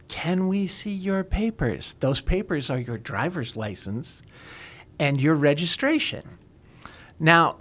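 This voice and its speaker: A man's voice: on the high side, a bit bright. A man explaining and arguing a legal point in an emphatic, lawyerly way on a talk show.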